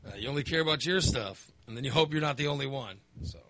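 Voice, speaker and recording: A middle-aged man chatting casually, telling a story with lively acted-out reactions. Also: mid-range voice, fast, no room sound. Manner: animated storyteller, acts out his own reactions. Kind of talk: casual chat.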